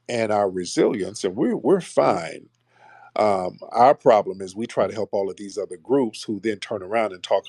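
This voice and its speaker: A man's voice: on the low side, darkish tone, breathy edge, no room sound. A man hosting a call-in show, blunt and mocking toward callers, often repeating himself. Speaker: host taking callers. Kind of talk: combative call-in talk.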